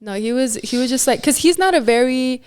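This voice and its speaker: A woman's voice: high-pitched, brisk, clean tone. A young woman in casual chat as a podcast guest, telling a story animatedly and acting out quotes. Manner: animated, acts out quotes, many "like"s.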